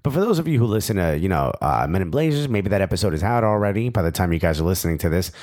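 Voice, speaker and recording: Animated joking American man. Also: low voice, racing. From United States. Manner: jokey, laughing, does mock voices. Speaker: podcast co-host. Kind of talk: casual soccer podcast banter.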